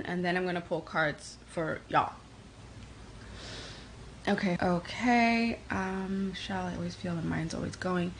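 A woman from New York with a New York accent, hosting a casual tarot livestream and answering comments in a quick, energetic way. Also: on the low side, a little hiss or hum, low-quality recording. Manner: fast-talking, energetic, reads comments aloud. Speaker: livestream host doing tarot readings.

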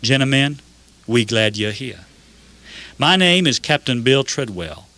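Man doing stern caring prison captain, Georgian accent, firm, slow, a bit lower. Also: sing-song, pushed and bright.

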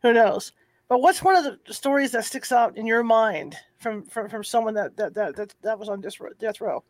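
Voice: mid-range voice, moderate pace, dry recording. An interviewer who asks questions casually, often stumbling and repeating words, with frequent murmured agreement.

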